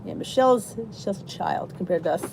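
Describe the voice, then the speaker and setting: A woman's voice: mid-range voice, wildly swooping pitch, fast talker, gravelly, noisy background. A middle-aged woman hosting a casual live weight loss chat from a cozy room downstairs, chatting easily and greeting viewers by name as their comments come in.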